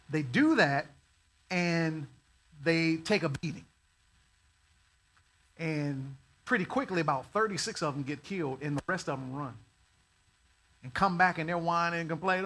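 Preacher guy, high bright voice, goes from laid back storytelling to shouting get up. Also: moderate pace. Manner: folksy storytelling that builds to loud exhortation. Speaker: pastor. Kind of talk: sermon.

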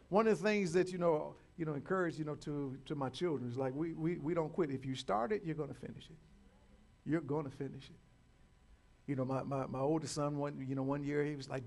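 A man preaching a sermon, repeating words and building to loud calls to his listeners. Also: sits high, normal speed. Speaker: pastor.

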